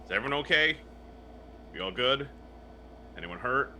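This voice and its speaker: A man's voice: mid-range voice, expressive, normal speed, pushed and bright, slight background noise. A man playing in a tabletop game, describing his character's actions with a little hesitation. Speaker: player.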